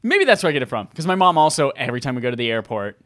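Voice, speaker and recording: A man's voice: medium pitch, sing-song, racing, fairly bright tone. A man co-hosting a podcast, chatting casually and trading playful jokes. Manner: joking, playful banter. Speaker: podcast co-host. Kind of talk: casual chat.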